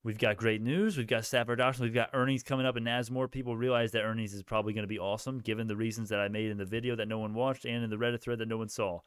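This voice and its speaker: Male stock streamer, clear smooth voice, dry close sound, loose and rambling. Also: on the low side, flat delivery, very fast, few pauses, no room sound. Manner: rambling, casual, thinking aloud. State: sleepy, yawning. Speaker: stock livestream host. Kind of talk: live stream chat answering viewers.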